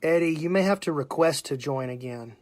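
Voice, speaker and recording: A man's voice: fairly high pitch, a little fast. A man with a Southern US accent hosting a casual live stream, chatting and greeting viewers by name. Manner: chatty, shouting out viewers, laughing often. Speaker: podcast host.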